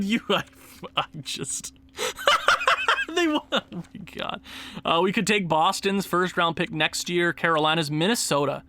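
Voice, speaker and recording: Excitable high-voiced young man gaming. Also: unhurried, long pauses. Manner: excitable, yells and laughs at the screen. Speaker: gaming YouTuber. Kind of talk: let's-play commentary.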